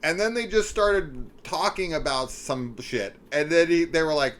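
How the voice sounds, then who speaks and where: A middle-aged man talking through a horror film in a casual spoiler discussion, animated and incredulous, swearing and acting out scenes. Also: a little high, normal speed, hardly any pauses. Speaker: horror movie reviewer.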